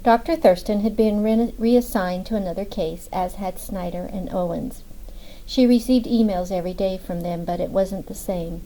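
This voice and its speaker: Brief: woman audiobook narrator, measured scripted delivery, soft dark timbre. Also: mid-range voice, a little hiss or hum, rough recording.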